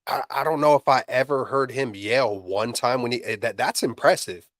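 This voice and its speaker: Male co-host, mid pitch, slangy casual delivery, dry recording. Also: normal speed, fairly bright tone, dry recording. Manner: loose, slangy, repeats himself. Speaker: podcast co-host. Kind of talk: casual sports chat.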